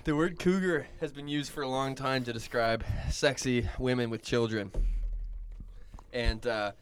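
A man's voice: mid-range voice, fairly even intonation, measured pace, slight background noise. A man co-hosting a podcast, chatting casually and cursing a lot while his mouth burns from hot sauce. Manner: profane, rambling, laid-back. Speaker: podcast co-host. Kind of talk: casual chat.

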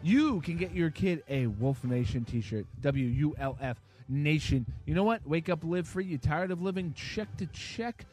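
A man's voice: a little high, a little slow, hardly any pauses, faint music behind. A man co-hosting a podcast, rambling and joking through an ad-libbed sponsor read. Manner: animated, teasing, rambling with restarts. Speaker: podcast co-host reading sponsor ads.

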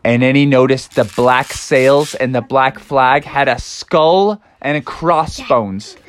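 A young woman telling an improvised storybook adventure to children in a lively, playful way. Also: a bass voice, slow.

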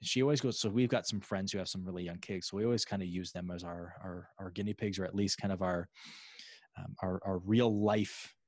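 A man hosting a casual conversation, rambling with restarts and fillers, sometimes acting out other people's thoughts in a higher voice. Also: fairly even intonation, brisk, no room sound. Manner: acts out other people's inner voices in a raised pitch. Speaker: podcast host.

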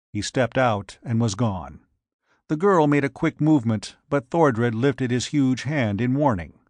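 Male narrator, scripted story reading, unhurried, mid pitch, dead-dry close recording. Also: no echo. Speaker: audiobook narrator.

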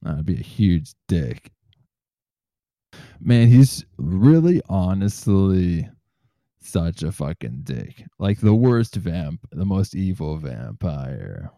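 A man hosting a casual comedy podcast, swearing freely and reading news quotes aloud in a relaxed, joking way. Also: low voice, takes it slowly, creaky, no echo, studio quality. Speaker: podcast host.

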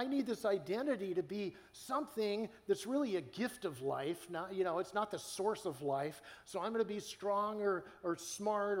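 High-voiced guy preaching, earnest and chatty, lots of restarts, big church hall echo. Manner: animated, earnest, conversational with many restarts. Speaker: guest preacher. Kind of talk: sermon.

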